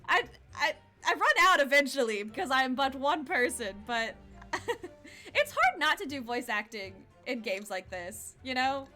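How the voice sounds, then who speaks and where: A woman's voice: sits high, big pitch swings, normal speed, bright, forceful tone, faint music behind. A young woman streaming a game, chatting and laughing as she reads the dialogue aloud. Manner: chatty, laughing, reads character lines in voices. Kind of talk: game let's play, reading dialogue aloud.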